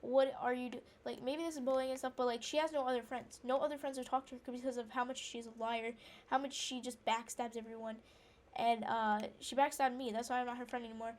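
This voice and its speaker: A woman's voice: on the high side, steady tone, quick pace, darkish tone. A woman rambling through an indignant personal story while playing a game, with lots of fillers and restarts. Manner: breaks off to react to the game. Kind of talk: casual storytelling chat.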